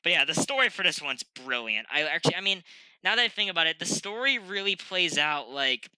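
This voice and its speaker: Young male reviewer with a stuffy nose, casual and rambly, bright voice, dead-dry close mic. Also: fairly high pitch, big pitch swings, fairly quick, clean tone, no room sound, poor audio. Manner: rambling, frequent ums and self-corrections. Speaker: host of a review channel. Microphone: desk microphone.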